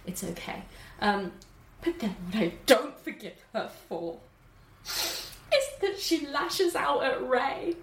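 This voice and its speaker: A woman co-hosting a casual podcast, retelling a film plot quickly and animatedly with lots of fillers. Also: sits high, roomy sound. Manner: animated, fast storytelling with many fillers.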